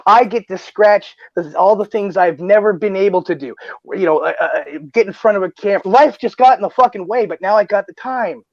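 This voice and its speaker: Excitable, foul-mouthed man on a lo-fi stream. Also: high-pitched, brisk, no room sound. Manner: excited, swears often, many restarts. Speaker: stream host. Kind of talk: casual livestream chat. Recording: dull lo-fi stream audio.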